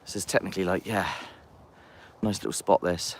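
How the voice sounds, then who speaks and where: A man's voice: low voice, fairly even intonation, normal speed, a little hiss or hum. A man chatting casually on a live stream outdoors by a castle, rambling and greeting viewers as he walks. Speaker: paranormal investigator streaming live.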